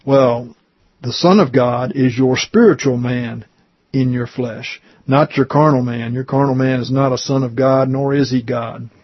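A man's voice: mid-range voice, steady tone, measured pace, slightly rough, dry recording, highs cut off. A man reading a religious testimony aloud in an earnest way, stumbling now and then, with his own comments in between. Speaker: reader.

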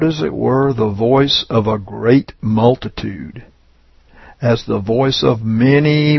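A man preaching a sermon, reading scripture and teaching with slow, deliberate emphasis on key words. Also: medium pitch, vocal fry, breathy edge, no echo, muffled recording.

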